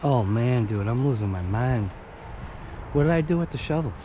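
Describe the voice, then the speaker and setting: A man's voice: medium pitch, lively intonation, normal speed. A man vlogging casually outdoors in a snowy driveway, talking to himself and laughing often. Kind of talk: casual self-talk vlog. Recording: loud outdoor wind and vehicle noise.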